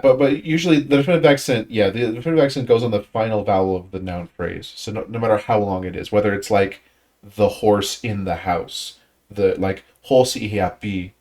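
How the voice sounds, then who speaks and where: A man's voice: lowish voice, brisk, darkish tone. A man leading a casual language study session, patiently explaining grammar while thinking aloud with frequent fillers and restarts, and giving short praise to learners. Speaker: study group leader teaching Tongan.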